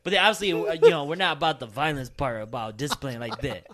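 A man's voice: medium pitch, animated, fast, fairly bright tone. A young man and father in casual podcast chat, laid-back and slangy, swearing freely.

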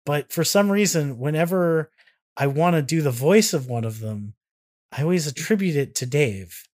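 A man co-hosting a casual podcast, excitable and self-mocking, often tripping over his words. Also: fairly high pitch, moderate pace. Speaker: podcast co-host.

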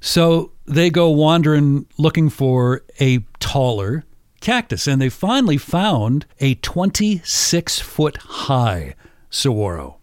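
A male podcast host telling a story casually, animated and often laughing. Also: on the high side, takes it slowly, clear, resonant tone, no room sound, clean studio sound.

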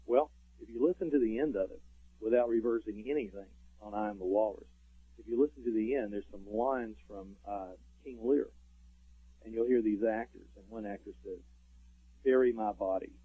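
A man's voice: on the low side, fairly quick, slightly rough, no room sound. A man, a radio show guest, telling stories in casual interview talk with lots of fillers. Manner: rambling storyteller, many fillers. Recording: tinny phone line.

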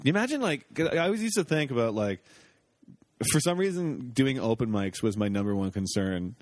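A man's voice: mid-range voice, animated, brisk, darkish tone, dry recording. A man chatting casually and riffing, rambling and swearing easily. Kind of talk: casual chat.

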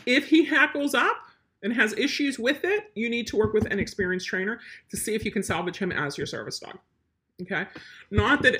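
Brief: woman dog trainer, bright forceful tone with a husky edge, no-nonsense Q&A delivery. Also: fairly high pitch, expressive, moderate pace. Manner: blunt, emphatic, matter-of-fact. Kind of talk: live Q&A advice on dog training.

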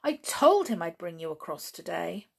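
A woman's voice: fairly low pitch, sing-song, moderate pace, creaky, a little mellow, breathy edge, full character voice. A woman voicing a fussy, genteel motherly aunt in a children's storybook.

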